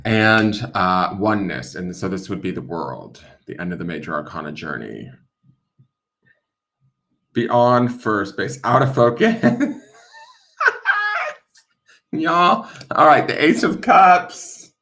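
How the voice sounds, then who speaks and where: Animated man joking through a tarot unboxing. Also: fairly low pitch, slow, pauses often. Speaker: tarot reader and channel host. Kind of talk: casual deck unboxing livestream chat.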